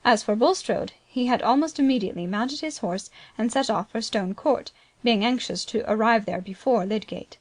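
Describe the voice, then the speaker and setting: A woman reading a novel aloud as an audiobook narrator, in steady, even scripted narration. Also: on the high side, moderate pace, no room sound.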